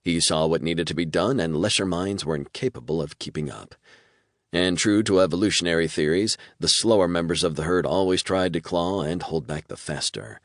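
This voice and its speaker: A man narrating an audiobook in a measured, storytelling manner. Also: low voice, no echo, clean studio sound. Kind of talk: scripted narration.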